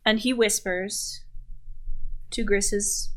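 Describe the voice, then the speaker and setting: A woman narrating a tabletop game as game master, in an unhurried, hesitant way with many fillers. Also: medium pitch, steady tone, a bit bright, low-quality recording.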